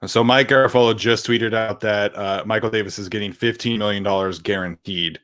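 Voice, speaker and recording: A man co-hosting a live sports chat show, talking in a relaxed, rambling way with lots of fillers and restarts. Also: lowish voice, brisk, no room sound, studio quality. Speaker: podcast co-host.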